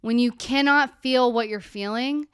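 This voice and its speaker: Candid, smooth-voiced woman hosting a live Q&A. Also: on the high side, measured pace, no echo, studio quality. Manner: candid, animated, talks straight to viewers; swears casually. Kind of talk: casual live-stream talk.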